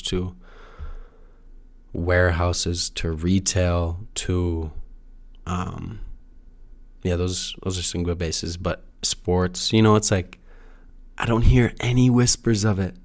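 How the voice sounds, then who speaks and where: A young man talking alone in a casual, rambling monologue, full of restarts and fillers and the odd swear word. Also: deep voice. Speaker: solo podcaster. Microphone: no camera, audio only.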